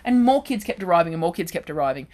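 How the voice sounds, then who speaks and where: A woman in her forties, a guest on a radio show, telling a story in a chatty, animated way. Her voice sits a little low. She talks casually in a radio studio. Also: fast. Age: 40s. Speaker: guest comedian.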